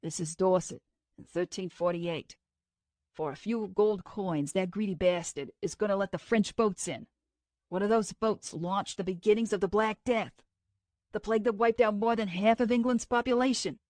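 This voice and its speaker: A woman's voice: mid-range voice, moderate pace, a little mellow, dry recording, clean studio sound, lightly acted. A woman reading the lines of a troubled man who speaks in an earnest, brooding way. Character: man, intense time traveler, troubled.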